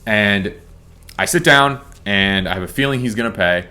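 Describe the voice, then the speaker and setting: A man co-hosting a casual drinks review, telling a story in a relaxed, chatty way. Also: fairly low pitch, moderate pace. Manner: relaxed, chatty anecdote teller. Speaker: co-host.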